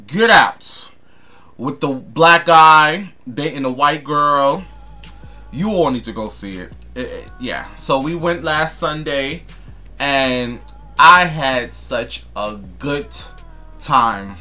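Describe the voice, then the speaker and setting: A man's voice: fairly high pitch, slow pace, pushed and bright, soft background music. A young man vlogging in a casual chat to camera, sassy and flamboyant, calling viewers honey and darling with dramatic, gossipy asides.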